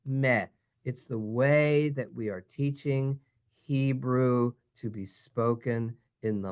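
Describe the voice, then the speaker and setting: Playful, slow-paced Hebrew reading teacher. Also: mid-range voice, clear, resonant tone. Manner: playful, sing-song, acts out sounds and little characters. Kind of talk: classroom reading lesson. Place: synagogue classroom.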